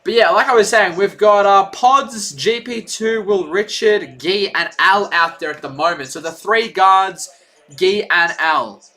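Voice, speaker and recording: A young man from Australia, hosting a casual live play-by-play stream and talking in a chatty, rambling, excitable way. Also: high voice, unhurried. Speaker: livestream play-by-play host.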